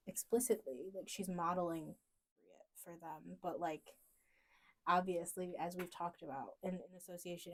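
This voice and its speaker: A woman's voice: on the low side, a little mellow. Woman student musing with lots of fillers. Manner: hesitant, many fillers like "like" and "um". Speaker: student podcast co-host. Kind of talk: casual academic discussion.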